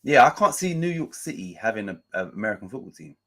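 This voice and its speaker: A man's voice: fairly low pitch, big pitch swings, fast, fairly bright tone, slight background noise. A man hosting a casual live match-day stream, chatting loosely, swearing freely and reading out chat messages and scores.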